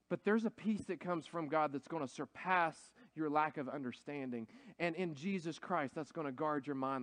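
A man's voice: a little high, dry recording. A man preaching a sermon in an earnest, conversational way, building up to emphatic points. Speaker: pastor.

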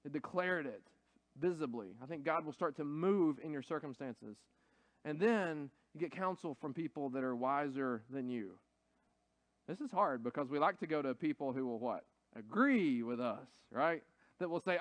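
A man's voice: on the high side, lively intonation, normal speed, no room sound. A man preaching a sermon in an earnest, conversational way, building up to emphatic points. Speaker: pastor.

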